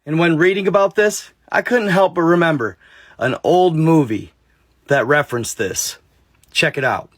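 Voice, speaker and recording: A man's voice: fairly high pitch, normal speed, dry recording. A man narrating a story and chatting casually to his viewers, addressing them directly. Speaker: narrator and vlogger.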